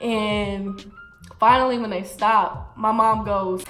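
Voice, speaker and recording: A young adult woman telling a casual storytime with animated, slangy delivery and acted-out quotes. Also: medium pitch, slow pace. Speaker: vlogger. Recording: echoey room with faint music.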